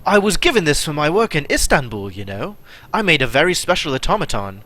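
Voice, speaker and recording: A man doing a gruff Yorkshire artificer woman, grumbling and short with laymen. Her voice is bright and swings about in pitch as she complains. She is a working mechanic in a game story, read aloud. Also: very animated, brisk, heavily acted. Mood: cheerful. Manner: grumbling, brusque.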